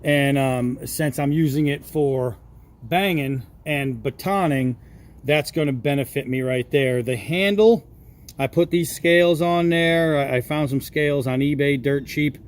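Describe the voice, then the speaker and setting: A man from Massachusetts, a knifemaker, casually showing off and explaining a knife he made, with relaxed chatter and frequent fillers. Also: a little high, a little slow. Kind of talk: casual show-and-tell vlog.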